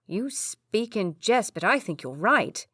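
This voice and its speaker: A woman's voice: medium pitch, very animated, unhurried, fairly bright tone, husky, dry recording, studio quality, heavily acted. A woman voicing Charles, a young nobleman full of guilt and worry. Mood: remorseful. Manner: remorseful, anxious.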